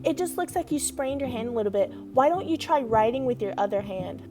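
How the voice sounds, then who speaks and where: A woman's voice: a little high, lively intonation, brisk, voice pushed up, close to an everyday voice. A woman voicing a hesitant, dismissive female schoolteacher who hedges as she talks, over music. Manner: hesitant, reasoning aloud. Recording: music playing underneath.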